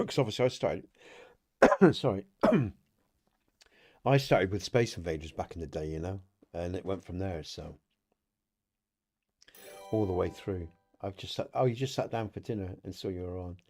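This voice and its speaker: A man's voice: low-pitched, expressive, moderate pace, pauses often, a little mellow. A middle-aged man hosting a casual livestream podcast, rambling and chatty, laughing often and talking to viewers in the chat. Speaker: podcast host.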